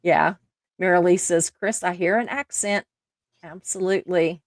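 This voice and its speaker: A woman's voice: fairly low pitch, normal speed, no echo, clean studio sound. A woman with a Southern American accent hosting a casual live stream, reading viewer comments aloud and laughing often. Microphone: live stream mic.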